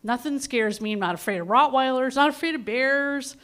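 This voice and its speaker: A woman's voice: sits high, moderate pace. Chatty woman telling a story onstage. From Ontario, Canada. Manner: chatty, self-deprecating, animated. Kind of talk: live storytelling at an open mic.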